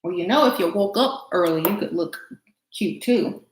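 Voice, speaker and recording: A woman with a fairly low voice chats and laughs with her live chat as she gets ready at home. Her casual talk carries a roomy echo, with a faint hiss behind it. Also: animated, moderate pace. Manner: chatty, laughing, answers chat comments. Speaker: beauty vlogger livestreaming to chat.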